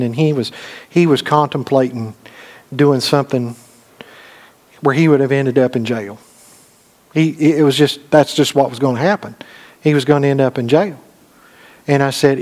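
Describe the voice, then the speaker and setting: A male pastor preaching a sermon in a church, talking conversationally with rhetorical questions and shifting between emphatic points and quiet storytelling. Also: mid-range voice. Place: church sanctuary.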